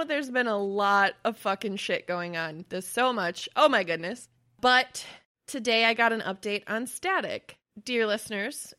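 A woman's voice: medium pitch, sharp tone. A young woman co-hosting a casual podcast chat, swearing freely and laughing often as she talks. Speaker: podcast co-host.

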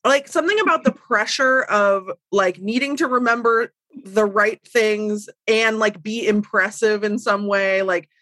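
A woman's voice: mid-range voice, measured pace, no echo, poor audio. A woman guest in casual conversation, talking animatedly and poking fun at herself. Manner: animated, self-deprecating, restarts often. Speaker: guest writer. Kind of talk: casual chat.

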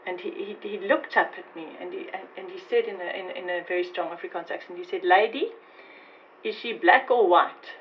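Halting woman on lo-fi interview tape. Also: lowish voice, level tone. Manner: halting, emotional, repeats words. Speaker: interviewee recounting her past. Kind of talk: recorded interview testimony. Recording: dull lo-fi tape with faint noise.

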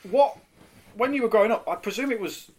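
A man's voice: high voice, a little fast. A British man in his thirties chatting casually, telling stories in a chatty way with plenty of fillers. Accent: British English. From Britain. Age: 30s. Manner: chatty storyteller, many fillers and laughs. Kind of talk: casual chat.

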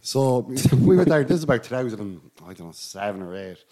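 An Irish man co-hosts a casual sports podcast in a mellow, mid-range voice with a sing-song lilt. He talks fairly quickly, tells rambling anecdotes and laughs often.

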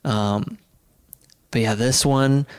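A man's voice: mid-range voice, slow, smooth. A man hosting a podcast, telling a story in a casual chat and laughing as he goes. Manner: animated storyteller, laughs mid-sentence. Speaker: podcast host.

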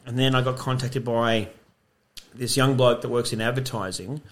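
A man's voice: mid-range voice, steady tone, normal speed, slight background noise. A man, a comedian guest on a podcast, rambling through stories with frequent laughter and swearing. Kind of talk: casual podcast chat.

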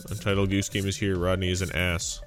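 A man's voice: low-pitched, little pitch movement, quick pace. A man hosting a casual gaming podcast, rambling, swearing freely and laughing often. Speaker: podcast host. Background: faint game audio and music.

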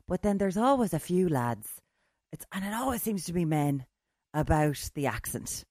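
A woman co-hosting a podcast in casual chat, animated and mocking as she acts out quotes. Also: on the low side, normal speed, no echo, studio quality. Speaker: podcast co-host.

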